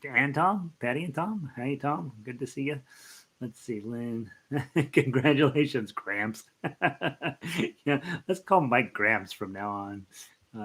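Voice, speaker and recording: A man's voice: medium pitch, fairly bright tone. A middle-aged man, a ukulele teacher hosting a live stream, chatting casually and greeting viewers by name, rambling with many fillers. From United States.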